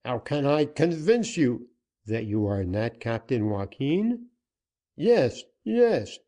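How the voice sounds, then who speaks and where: A man's voice: medium pitch, big pitch swings, slow, warm tone. A man voicing a frightened male banker and former outlaw, stammering and pleading as he is cornered. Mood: panicked. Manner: stammering, pleading, rising in panic.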